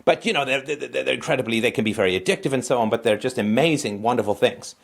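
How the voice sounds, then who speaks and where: A man hosting a call-in show, talking in an animated, conversational way. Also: medium pitch, quick pace, vocal fry. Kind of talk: call-in talk.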